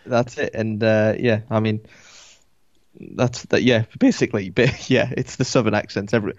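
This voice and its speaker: A man with a Geordie accent chatting casually on a podcast, halting with lots of restarts. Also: lowish voice, steady tone, no room sound. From Newcastle area, England. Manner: halting, many restarts and fillers. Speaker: guest podcaster. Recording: dull, lo-fi sound.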